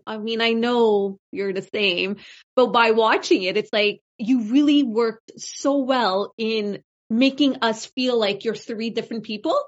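A woman's voice: fairly high pitch, a little slow. A woman interviewing a guest in casual chat, effusive and enthusiastic. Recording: dull lo-fi audio.

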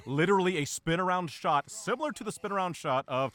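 A man's voice: a little high, normal speed, few pauses, a bit bright. A man co-hosting a film commentary in casual chat, sharing behind-the-scenes trivia and acting out quoted reactions. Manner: chatty, shares trivia, acts out quoted reactions.

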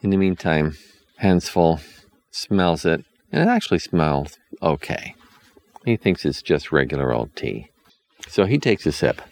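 A man's voice: very deep voice, very animated, measured pace, gravelly. A father improvising a bedtime story for his kids, rambling along unhurriedly with restarts.

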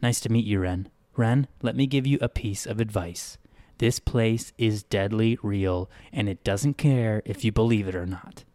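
A man voicing a calm young man who gives earnest, steady advice. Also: fairly low pitch, measured pace, no room sound, close to an everyday voice.

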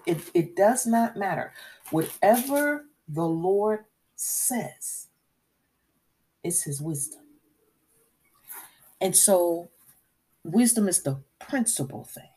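Slow, husky woman preaching a sermon. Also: on the low side, dark tone. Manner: repetitive, emphatic, searches for verses aloud. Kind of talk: sermon teaching.

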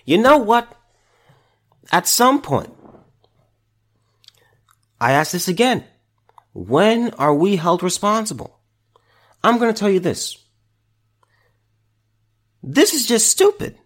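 A man's voice: sits high, sing-song, slow pace, long pauses, fairly bright tone. A man hosting a solo opinion podcast, ranting in exasperation and restarting his sentences. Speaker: podcast host.

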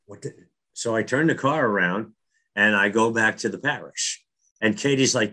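With a lowish, sharp-toned voice at normal speed, a middle-aged New Jersey man earnestly tells a personal faith story. His talk is casual, full of restarts and repeated words.

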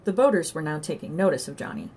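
A woman reads an audiobook aloud in scripted narration, telling the story in a measured, wry way. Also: deep voice, wildly swooping pitch, a little mellow, slight background noise.

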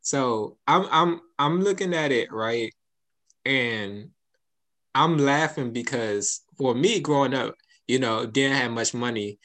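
Slow and easygoing, a young man with a mid-range, slightly bright voice shares tales from his childhood, breaking into frequent laughter and voicing the characters he quotes during the casual chat.

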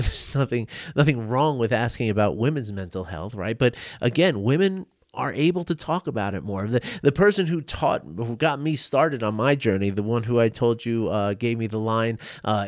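A man talks straight into a desk microphone on his own podcast, earnest and a little rambling, stumbling over his words and circling back to them. His voice sits at an everyday middle pitch, and the room is dry and close with no echo. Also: animated, moderate pace. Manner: earnest, rambling, frequent restarts and repeated words. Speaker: podcast host. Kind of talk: casual solo talk on men's mental health. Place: home desk.

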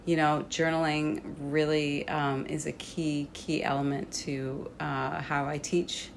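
A woman's voice: sits low, little pitch movement, slow pace, gravelly, a little hiss or hum. A woman hosting a casual chat, talking in a chatty way with many fillers. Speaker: host and English tutor.

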